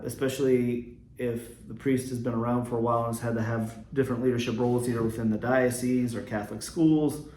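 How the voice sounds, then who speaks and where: A man hosting a reflective solo podcast on leadership, speaking earnestly and at a measured pace, with frequent ums and restarts. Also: mid-range voice, a little mellow, echoey room, slight background noise. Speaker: podcast host, Catholic school leader.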